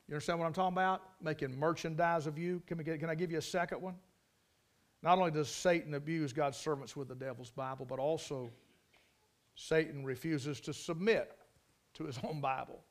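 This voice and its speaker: A man preaching a sermon, telling stories in a folksy, emphatic way and repeating key phrases. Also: on the high side. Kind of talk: storytelling sermon.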